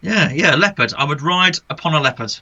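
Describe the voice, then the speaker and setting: Playful male co-host with a bright, forceful voice. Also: on the high side, expressive, brisk, lo-fi sound. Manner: jokey, playful, laughs often. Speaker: podcast co-host. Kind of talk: casual chat.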